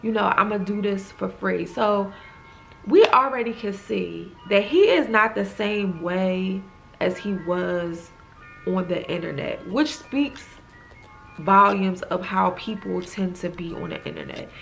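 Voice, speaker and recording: A woman's voice: mid-range voice, slow pace, creaky, fairly bright tone, faint music behind. A woman casually recapping a TV episode, retelling scenes in a loose, chatty way full of "like" fillers. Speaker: TV recap reviewer.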